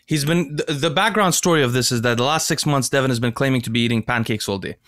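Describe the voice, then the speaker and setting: A man hosting a casual talk show, excitable and speaking directly to his audience. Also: mid-range voice, fast. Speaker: podcast host. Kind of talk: casual conversation.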